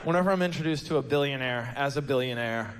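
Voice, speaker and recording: A man doing a stand-up comedy set on a club stage, deadpan and self-deprecating, slipping into mock quotes. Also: medium pitch, fast. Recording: club stage with long reverb, faint noise.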